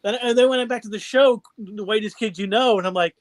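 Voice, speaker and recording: High-voiced man chatting, dry sound. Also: fast, hardly any pauses, no room sound. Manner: laughing, chatty. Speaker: guest. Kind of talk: casual chat.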